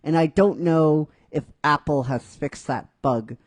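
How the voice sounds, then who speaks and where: A man's voice: on the high side, measured pace, no echo. A man casually narrating a fan-written story, chatty and rambling with many fillers.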